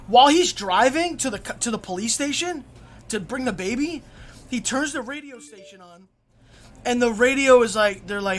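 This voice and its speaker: A man's voice: extremely high pitch, moderate pace. Rambling, profane young male streamer. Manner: rambling, profane, excitable storyteller. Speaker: live streamer. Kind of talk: casual live-stream storytelling.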